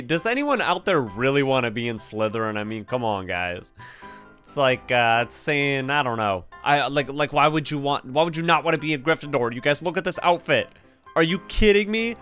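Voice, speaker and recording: A young man giving excitable, slang-filled commentary over gameplay, laughing often. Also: a little high, normal speed. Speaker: gaming video host. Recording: faint background game music.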